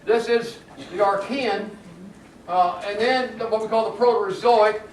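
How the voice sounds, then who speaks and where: A man with a very high voice gives a geology lecture. He is lively and jokey, laughing at his own asides. The sound is roomy and picked up from a distance. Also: unhurried, a little hiss or hum. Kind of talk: classroom lecture. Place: lecture room. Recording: echoey classroom recording from far off.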